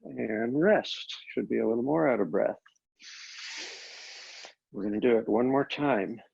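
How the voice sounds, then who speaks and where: A man teaching a Pilates class, calmly cueing each step of the exercises, recorded on a laptop microphone. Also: medium pitch, measured pace, vocal fry, husky, muffled recording. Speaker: Pilates instructor. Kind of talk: guided exercise class instruction.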